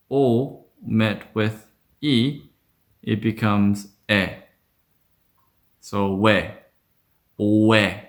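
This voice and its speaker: Low gravelly guy teaching vowels, slow and laid back, says sounds over and over. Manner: relaxed, repeats sounds slowly to demonstrate. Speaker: Korean language teacher. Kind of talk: casual explanatory lesson.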